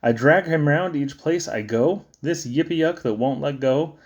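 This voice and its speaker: A man giving a playful, sing-song reading of children's poems, with sudden high squeaks and low drops. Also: unhurried, muffled recording. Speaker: poetry reader.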